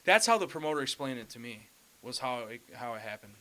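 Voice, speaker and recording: A man's voice: medium pitch, big pitch swings, fast talker, pushed and bright. A young man, a band member, chatting casually on a podcast and telling a rambling story, full of "like" and "dude".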